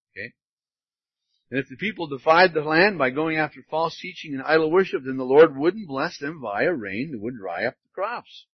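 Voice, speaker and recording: A man's voice: mid-range voice, slightly rough, dry recording, muffled recording. A man preaching a sermon as pastor, earnest and conversational, reading scripture aloud.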